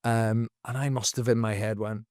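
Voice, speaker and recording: A man, a comedian guest on a podcast, telling a story casually and jumping into high, loud voices for the people he quotes. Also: flat delivery, moderate pace, no room sound, clean studio sound. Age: adult, former teacher.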